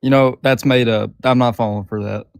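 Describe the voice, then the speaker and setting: A man's voice: mid-range voice, steady tone, normal speed, vocal fry, smooth. A man, calling in to provoke a host. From Arkansas, US. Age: 20s. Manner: trolling, provocative, defiant. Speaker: caller.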